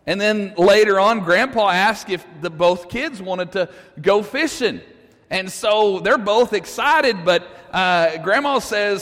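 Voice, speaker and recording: A man with a high voice preaches to his congregation, and his voice rings out with the long reverb of a church hall. He tells his story casually, asks the room questions and chuckles along the way. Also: expressive, a little slow, fairly bright tone. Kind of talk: sermon storytelling.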